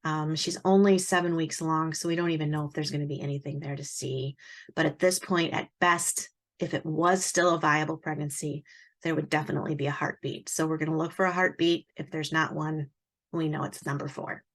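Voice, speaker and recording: A woman in her forties, an author, telling a personal story in a lively way and acting out the dialogue. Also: low voice, fairly quick. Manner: animated, acts out quoted dialogue.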